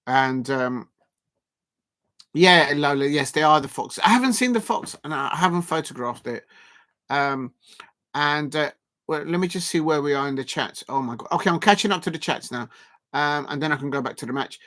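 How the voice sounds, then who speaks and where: Casual male streamer, chatty and rambling, voice sitting a bit high. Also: moderate pace. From South London, England. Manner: excitable, rambling, many fillers and restarts. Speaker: live stream football watchalong host. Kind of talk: casual live commentary and chat reading.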